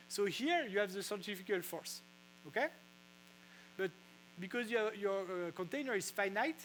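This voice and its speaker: A man with a French accent giving a casual science talk, halting with many fillers and restarts. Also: sits high, fairly bright tone, slight background noise, low-quality recording. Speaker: physicist explaining brewing science. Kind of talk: casual lecture. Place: brewery.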